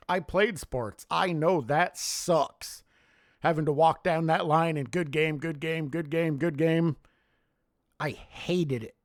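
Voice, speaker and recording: A man's voice: fairly high pitch, dry recording, studio quality. Fuming, profane man ranting. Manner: heated, profane, contemptuous ranting. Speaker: sports commentary vlogger. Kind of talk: solo sports rant.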